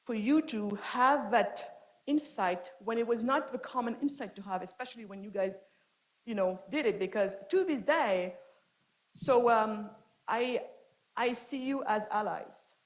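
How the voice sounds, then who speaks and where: A woman giving a lecture to an audience, impassioned, swinging from loud emphasis to soft, quiet asides. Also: a little high, measured pace, rough recording. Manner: frequent restarts and fillers. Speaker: guest lecturer. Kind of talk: speech to an audience.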